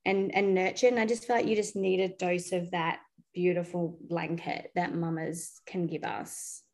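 A woman giving a casual spiritual reading, chatty and quick, passing on messages to the person in front of her. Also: on the low side, flat delivery. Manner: chatty, warm-voiced, relays messages with "they're saying". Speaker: psychic reader.

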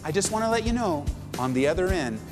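A man's voice: sits high, lively intonation, fast, music in the background, voice pushed up. A man doing a doting, soothing comforter. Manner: tender, reassuring, chatty.

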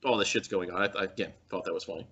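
A man chatting casually about a movie, animated, with many "like"s and casual swearing. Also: low-pitched, racing, husky. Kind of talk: casual movie review chat. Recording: dull lo-fi sound.

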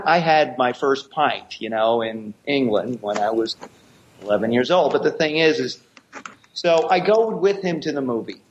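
A man's voice: mid-range voice, lo-fi sound, slight background noise. An American man, a martial arts actor and guest, telling long rambling stories with many restarts. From United States. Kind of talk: storytelling interview chat.

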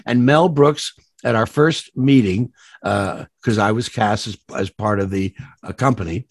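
A man's voice: fairly low pitch, measured pace, dry recording, clean studio sound. A man, a voice actor being interviewed, telling rambling anecdotes full of fillers and restarts, laughing at his own stories. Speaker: voice actor guest.

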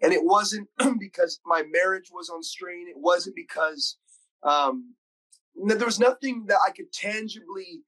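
A high-voiced man hosts the conversation and tells his story openly. His delivery is earnest and emotional, speeding up in eager bursts. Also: fairly bright tone, low-quality recording. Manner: earnest, emotional, quick bursts when recounting. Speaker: podcast host and school preacher.

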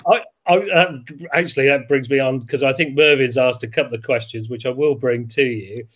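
A man's voice: medium pitch, normal speed, fairly bright tone, husky. A man hosting a podcast, asking questions with hesitant restarts and fillers. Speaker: podcast host. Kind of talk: casual interview.

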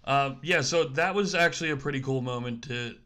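A man co-hosting a podcast in casual chat, easygoing, halting with fillers and laughing often. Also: mid-range voice, pushed and bright. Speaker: podcast co-host.

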